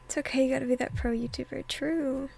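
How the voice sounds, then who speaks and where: A woman's voice: high voice, steady tone, fairly quick, gravelly, a little mellow, slight background noise, rough recording. A young woman streaming a game, chatting casually with playful, mock-dramatic apologies. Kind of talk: casual gaming chat.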